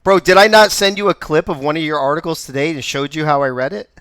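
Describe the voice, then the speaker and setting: A man's voice: fairly high pitch, fast talker, fairly bright tone, clean tone, no echo, clean studio sound. A man hosting a live show in an upbeat, joking way. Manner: upbeat, joking, laughs often. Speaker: host.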